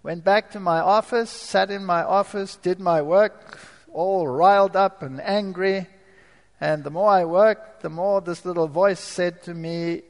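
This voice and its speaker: A man giving a dramatic testimony to an audience, moving from quiet asides to forceful outbursts. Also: sits high, moderate pace, in a large hall. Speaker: former professor giving a testimony.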